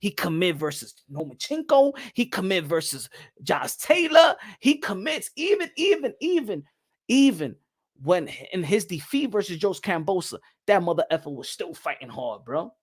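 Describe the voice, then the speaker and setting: A man hosting a boxing show, talking in an animated, rambling way and slipping into Spanish. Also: high-pitched, moderate pace. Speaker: boxing podcast host. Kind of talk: casual boxing commentary.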